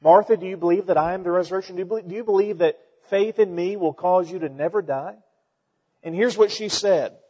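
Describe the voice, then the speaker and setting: A man preaching a sermon as pastor, earnest and halting, with many fillers and restarts. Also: high voice, mellow, slightly rough. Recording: dull sound with long hall reverb.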